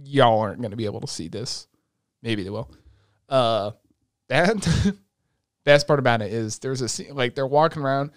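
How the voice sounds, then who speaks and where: A young man hosting a casual chat, retelling an anime with lots of swearing and excitable energy. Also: mid-range voice, normal speed, pauses often, dry recording, clean studio sound. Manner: profane, excitable storytelling.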